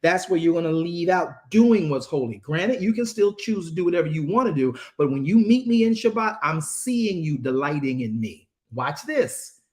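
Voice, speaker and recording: A male preacher with a fairly high voice, delivering a sermon with fervent emphasis. He talks straight to his congregation in casual, everyday speech. He stumbles over repeated words as his passion builds. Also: animated, normal speed, a little mellow.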